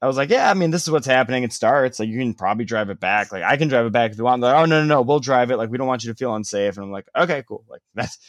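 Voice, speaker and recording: A man's voice: mid-range voice, lively intonation, rapid-fire, hardly any pauses, no room sound, clean studio sound. A young man telling a long story in casual chat, rambling with lots of "like" and casual swearing.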